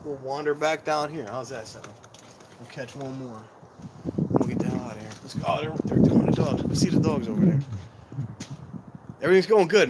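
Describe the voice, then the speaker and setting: A male vlogger rambles to his viewers during a casual live stream while wandering outdoors near a train station. His voice is a little high, and the poor audio carries some hiss or hum.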